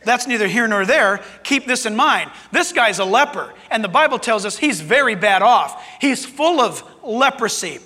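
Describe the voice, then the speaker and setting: A male pastor delivering an earnest sermon, turning to address his church directly. His voice sits very high and sounds bright and forceful. A long reverb trails behind him, as in a church hall. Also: lively intonation, moderate pace, hardly any pauses.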